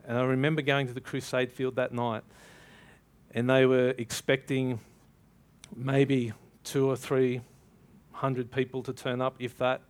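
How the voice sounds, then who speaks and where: A man preaching a sermon, telling a story with animated energy and acting out both sides of the dialogue. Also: medium pitch, unhurried.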